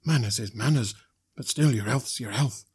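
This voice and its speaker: A man voicing a simple, kindly blacksmith who talks slowly and earnestly. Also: medium pitch, darkish tone, breathy edge. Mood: earnest worry. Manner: slow, earnest, homely speech. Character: simple gentle blacksmith, kindly, slow-spoken.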